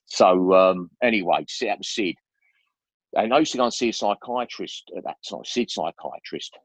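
Deep-voiced older man, chatty. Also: lively intonation, moderate pace, dry recording. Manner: chatty, with many restarts and slang. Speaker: guest. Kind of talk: rambling casual storytelling. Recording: dry, dull lo-fi recording.

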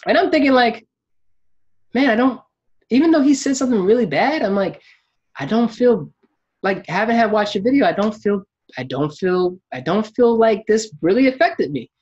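A man telling a story in a casual chat, animated and acting out what people said. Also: sits high, normal speed, breathy edge. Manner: animated storyteller, acts out quotes, laughs while telling. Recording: dull lo-fi sound.

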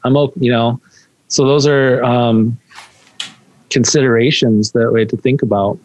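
A man hosting a conversational interview, probing and animated when he makes a point. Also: medium pitch, measured pace, low-quality recording.

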